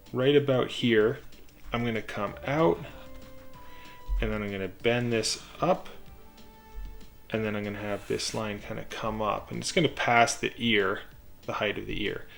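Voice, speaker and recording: A man calmly walking through a drawing tutorial step by step, describing each line as he draws it. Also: medium pitch, unhurried, gravelly, long pauses, faint music behind. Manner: calm, methodical, talks while drawing. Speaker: drawing instructor.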